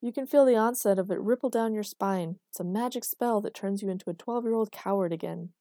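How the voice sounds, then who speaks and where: A patient, wry grown son who explains things with gentle teasing, read by a woman narrator. The voice is warm and mellow, close and dry. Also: mid-range voice, a little fast, no room sound, natural voice.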